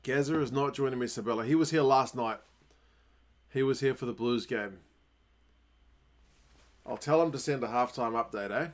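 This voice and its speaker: Brief: New Zealand man, stream host, mid-pitched, chatty, reacts loudly to plays. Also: normal speed, long pauses. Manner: chatty, reads viewer comments, bursts of excitement at plays. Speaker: livestream host. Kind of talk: casual watchalong chat.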